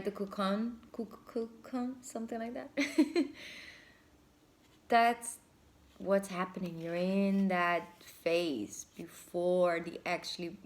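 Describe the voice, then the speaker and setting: A woman giving a casual tarot reading, effusive and thinking aloud, often breaking into laughter. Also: fairly low pitch. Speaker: tarot reader.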